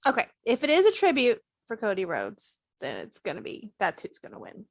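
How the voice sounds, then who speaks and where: A woman's voice: fairly high pitch, wildly swooping pitch, fairly quick, gravelly, no room sound, studio quality. A woman co-hosting a casual wrestling podcast, laid-back and mostly chiming in with short replies. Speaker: podcast co-host.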